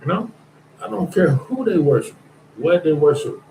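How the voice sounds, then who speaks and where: A man's voice: fairly high pitch, sing-song, normal speed, creaky, dark tone, a little hiss or hum. Blunt, rambling man on a podcast. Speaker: podcast host. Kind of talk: casual podcast monologue. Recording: echoey room.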